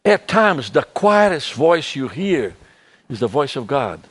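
Older man preaching, halting and soft. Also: medium pitch, sing-song, husky. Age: 70s. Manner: halting, repeats words, drops to soft tones. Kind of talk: sermon.

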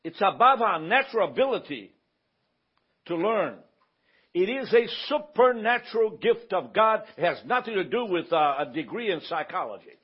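Husky high-voiced male preacher. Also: very animated, moderate pace. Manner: conversational, asks the room for confirmation. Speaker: pastor teaching a church class. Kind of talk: informal Bible teaching. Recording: dull lo-fi recording.

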